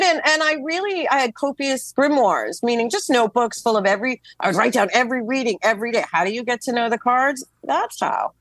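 A woman's voice: fairly high pitch, fairly quick, no echo. An American woman in her fifties, a guest and tarot reader, chatting casually and acting out quotes with frequent laughs. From United States. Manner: animated storyteller who acts out quotes and laughs often. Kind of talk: casual podcast conversation.

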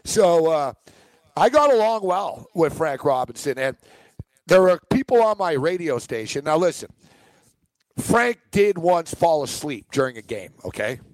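Sports podcast guy telling stories, kinda high voice, gravelly, super animated, dry sound. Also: measured pace, no echo. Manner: animated storyteller, chatty and laughing. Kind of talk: casual sports chat.

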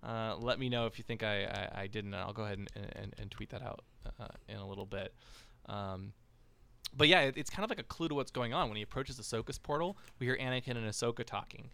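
Smooth-voiced man hosting a chatty podcast. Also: medium pitch, quick pace, a bit bright, no room sound. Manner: rambling, many fillers and restarts. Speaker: podcast host. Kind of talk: casual podcast discussion.

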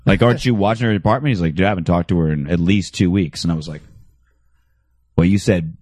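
A man's voice: low-pitched, quick pace, no room sound, clean studio sound. A young adult man telling a story in casual chat, acting out the quoted dialogue as he goes. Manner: animated, acts out quoted dialogue with voice shifts.

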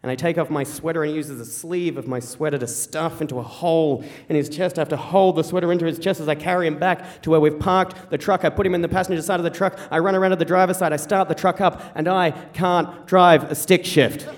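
A man's voice: a little high, fast talker, hardly any pauses. Wry man telling a story in a hall. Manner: wry, animated, acts out quoted voices. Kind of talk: live storytelling on stage. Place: theater stage before an audience. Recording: reverberant hall.

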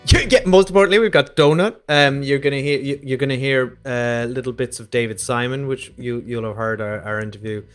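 A man's voice: mid-range voice, fairly even intonation, brisk, few pauses, fairly bright tone, faint music behind. Chatty male podcast co-host. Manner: upbeat, chatty, filler-heavy. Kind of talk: casual podcast chat.

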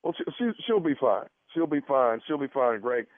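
A man's voice: mid-range voice, very animated, normal speed, no room sound, natural voice. A man playing a stammering, awkward doctor on the phone. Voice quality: stammering, hesitant. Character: awkward, stammering male gynecologist. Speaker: prank caller. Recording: tinny phone line.

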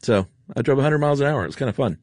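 A man's voice: medium pitch, animated, very fast, dry recording, studio quality. A man co-hosting a podcast in casual chat, joking and telling rambling personal stories. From Atlanta area, US. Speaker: podcast co-host.

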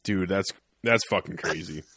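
A man's voice: low-pitched, moderate pace, sharp tone, slightly rough, no room sound, clean studio sound. A man hosting a casual chat, laid back and chiming in with reactions.

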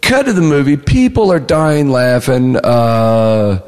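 A man's voice: medium pitch, slow, a little mellow, in a large hall. A man, a comedy writer, telling stories in a casual interview and acting out the lines of other people. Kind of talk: casual storytelling.

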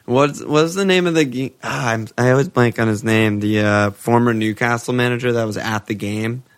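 A man with a mid-range voice talks at normal speed while co-hosting a casual podcast. He rambles, laughs as he goes, and swears freely throughout the chat.

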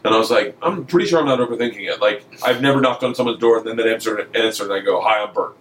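A comedian appearing as a podcast guest tells a long, funny story in casual conversation, swearing often and animatedly performing the voices of every character. His voice is lowish and rapid-fire, and the rough recording sounds roomy with slight background noise.

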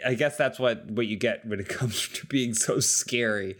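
A man's voice: medium pitch, normal speed, fairly bright tone. Chatty man hosting a podcast. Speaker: podcast host. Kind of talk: casual chat and host-read ad.

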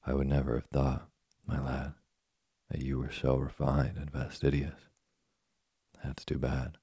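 Man reading patient old father figure, storybook, calm, husky, very low. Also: unhurried, no echo, studio quality, full character voice. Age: older. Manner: calm, gently lecturing. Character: patient kind old male woodcarver father.

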